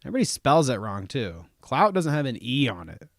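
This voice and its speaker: A man's voice: medium pitch, sing-song, fairly quick, no room sound, clean studio sound. A man with a Southern US accent hosting a morning show, swearing and joking as he reacts to a clip. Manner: joking, rambling, laughs often and swears freely. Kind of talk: profane reaction commentary on a clip.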